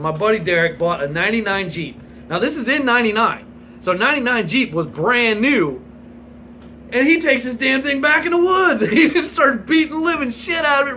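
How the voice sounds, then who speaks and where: A man's voice: very high-pitched, sharp tone, low-quality recording. A man in his forties telling a rambling, profane story in a casual vlog, laughing as he goes. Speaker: vlogger.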